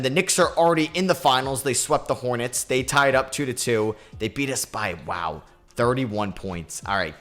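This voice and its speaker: A young man narrates his basketball video game as he plays, reacting out loud. He drops into low, muttered asides and then jumps into loud, high yells when things go right or wrong. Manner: excitable, swings between mumbling and yelling. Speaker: gaming YouTuber.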